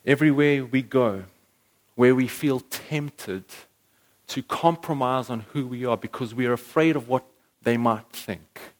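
An earnest man preaching a sermon with a steady mid-range voice. He pushes up to emphatic peaks, then drops back to lower, quieter lines. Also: unhurried.

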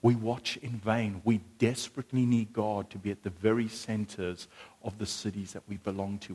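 A man preaches with animated energy, swinging from excited storytelling down to a hushed, earnest tone. He speaks directly to his congregation. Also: fairly low pitch, breathy edge. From South Africa. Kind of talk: sermon.

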